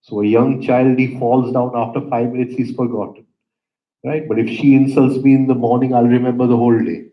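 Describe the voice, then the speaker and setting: A man teaching a yoga breathing lesson, giving calm instructions with soft pauses and frequent "right?" asides. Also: medium pitch. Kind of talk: guided breathing lesson with storytelling. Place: yoga center room. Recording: roomy, dull lo-fi hall recording.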